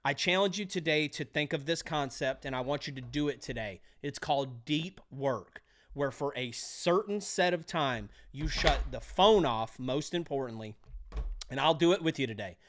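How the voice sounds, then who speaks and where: A man coaching electricians for their exam, energetic and pep-talking, repeating key phrases. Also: fairly high pitch, normal speed. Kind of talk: motivational trade lesson.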